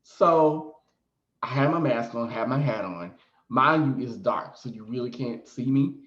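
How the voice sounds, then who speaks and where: A man hosting a storytime vlog as a psychic reader, animated, often laughing and adding "okay?" asides. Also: medium pitch, a little slow. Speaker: psychic reader and video host. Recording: echoey room, slightly dull sound.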